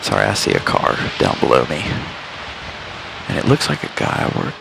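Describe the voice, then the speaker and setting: A man's voice: extremely low pitch, huge pitch swings, moderate pace, vocal fry, noisy background. A Southern man hosting a casual live stream from a parking garage roof, joking with chat and laughing often. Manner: jokey, laughs often, self-mocking. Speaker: live-stream host plane spotting. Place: outdoors on top of a parking garage.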